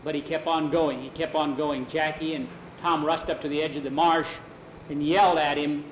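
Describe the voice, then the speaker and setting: A man's voice: a little high, flat delivery, moderate pace, roomy sound, muffled recording, a little hiss or hum. A man telling an improvised adventure story aloud in a casual way, with restarts and many "he said"s. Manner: casual, repeats "he said", restarts words.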